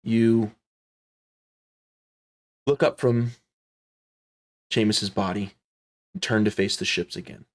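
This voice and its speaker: A man narrating a tabletop game as game master, slow and dramatic, dropping to hushed tones. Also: lowish voice, fairly even intonation.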